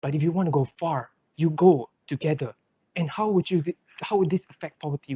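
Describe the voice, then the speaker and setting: Brief: young male debater, husky mellow voice, fervent rhetorical delivery, dull lo-fi dry sound. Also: fairly high pitch, fairly quick, no echo. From Malaysia. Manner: impassioned, rhetorical, builds in lists and repetition. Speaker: student debater. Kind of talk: competitive debate speech.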